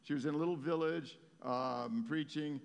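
Male pastor, slightly high voice, conversational storytelling sermon in a reverberant hall. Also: normal speed, creaky, clean tone. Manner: storytelling, conversational with many fillers and restarts.

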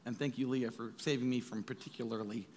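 A man preaching a sermon as a pastor, in an animated way, acting out voices from the text. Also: medium pitch, quick pace, long reverb tail, background noise. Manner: animated, acts out voices of biblical figures.

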